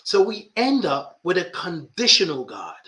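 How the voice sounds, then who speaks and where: A man's voice: sits high, wildly swooping pitch, normal speed, pushed and bright. A man who is a life coach and podcast host, talking reflectively about spirituality and often repeating phrases for emphasis.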